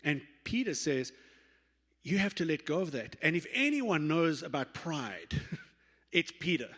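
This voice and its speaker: A man's voice: on the high side, a little slow. Man preaching in a reverberant church. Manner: lively storytelling, acts out quoted voices, self-correcting restarts. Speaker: pastor. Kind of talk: sermon. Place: church sanctuary. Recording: long reverb of a church hall.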